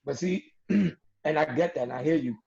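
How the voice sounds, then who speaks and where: Young new man, husky high voice, emphatic street talk, dull lo-fi sound. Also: normal speed, a little mellow. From New York. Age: young adult. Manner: streetwise, emphatic, repeats himself for effect. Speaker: wrestler and podcast guest. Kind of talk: casual podcast interview. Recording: dull lo-fi audio.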